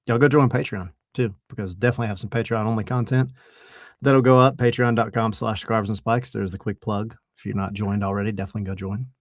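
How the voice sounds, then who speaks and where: A man co-hosting a casual sports podcast, relaxed and rambling, saying y'all. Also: lowish voice, dry recording, clean studio sound. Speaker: podcast co-host. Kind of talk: casual chat.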